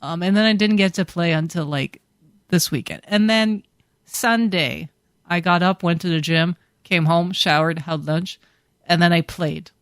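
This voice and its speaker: A woman's voice: fairly low pitch, unhurried, no room sound, studio quality. A woman co-hosting a podcast, telling a rambling story in casual chat with loose fillers and some swearing. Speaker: podcast co-host.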